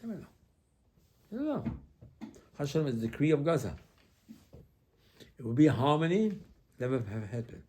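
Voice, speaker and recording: A male rabbi preaching an animated sermon, firing rhetorical questions and acting out quoted lines. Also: fairly high pitch, moderate pace, pauses often, slight background noise.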